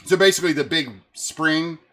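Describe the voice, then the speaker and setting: A man's voice: fairly high pitch, moderate pace, bright, forceful tone. A man running a tabletop game as game master, narrating casually with a loose, laughing manner.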